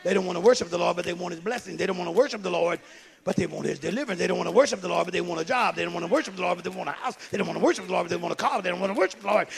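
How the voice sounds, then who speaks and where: A preacher delivers a radio sermon in an unusually high voice with a rough, gravelly edge. He hammers points home through repetition and calls out to his listeners. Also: rapid-fire. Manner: preachy call-and-response, emphatic repetitions. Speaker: pastor.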